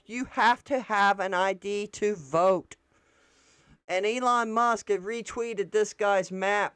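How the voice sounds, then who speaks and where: A woman's voice: medium pitch, slow pace, a bit bright, clean tone, no room sound. A woman, doing casual political commentary and reacting to posts on screen in a blunt, profane way.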